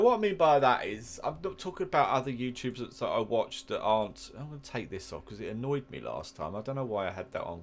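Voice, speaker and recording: A man with an English accent chats his way through a gameplay session. His talk rambles and drifts into asides. His voice sits at an ordinary middle pitch. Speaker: gaming YouTuber. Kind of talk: casual gameplay commentary.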